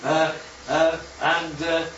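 A man leads a relaxed Bible class, moving through slides and checking often that his listeners follow. His voice sits a little high for a man. It comes from some way off the mic, muffled and echoing around the room. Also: slow pace, a little hiss or hum. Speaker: Bible study teacher. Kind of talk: informal Bible teaching with slides. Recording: roomy, distant, muffled hall recording.

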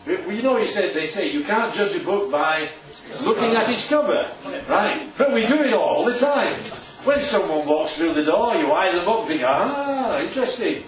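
A man's voice: high-pitched, lively intonation, moderate pace, hardly any pauses, crowd noise. A man preaching a sermon in a conversational way, often checking in with rhetorical questions. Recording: distant, echoey room, dull sound.

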